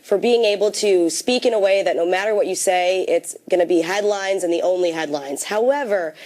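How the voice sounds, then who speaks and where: A woman's voice: lowish voice, a little fast, darkish tone. A woman speaking as a panel guest in a sardonic, argumentative way. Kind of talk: casual panel discussion.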